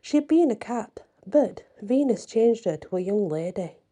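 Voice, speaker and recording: A woman voicing an emotional young lady who used to be a cat, talking in a fussy and excitable way. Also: mid-range voice, moderate pace, close to an everyday voice. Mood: proud. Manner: tearful, then proud and excited.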